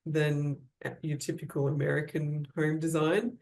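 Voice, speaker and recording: A woman's voice: low voice, a little slow. Female guest, level delivery, chatty and explanatory. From Australia. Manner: chatty, explanatory, even-toned. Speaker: architecture guest. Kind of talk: casual interview talk.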